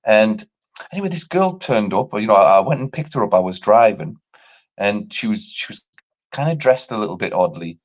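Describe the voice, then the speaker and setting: An animated man tells a story in casual chat, swearing freely and mimicking others with leaps in pitch. His voice swings widely from low to high. The stream audio is dull and lo-fi. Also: moderate pace. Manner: animated, swearing, acts out quotes with big pitch jumps. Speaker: podcast host.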